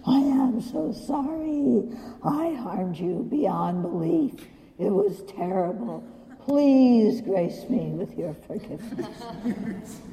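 A woman mimicking a contrite male monk who begs forgiveness in a slow, half-whispered, pleading voice. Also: medium pitch, lively intonation, mellow, long reverb tail, recorded from a distance, low-quality recording.

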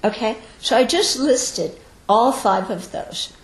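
Slow, patient woman teaching in a roomy hall. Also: a little high. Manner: patient, explanatory, keeps checking "okay?". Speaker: Buddhist teacher. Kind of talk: dharma talk to students. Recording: roomy echo.

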